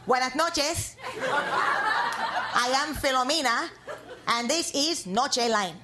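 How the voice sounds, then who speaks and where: A woman voicing a pompous female host of a late-night TV news show, with a grand, slow announcer delivery, recorded live on stage. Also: sits high, animated, heavy background noise, pitched above the performer's own voice. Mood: grandiose.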